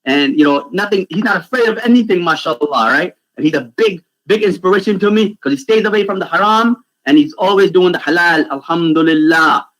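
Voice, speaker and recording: A man from Pakistan, telling stories to children in an animated way over a video call and often asking "right?". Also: high-pitched, brisk, hardly any pauses, rough recording. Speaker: youth speaker. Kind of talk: storytelling talk for children.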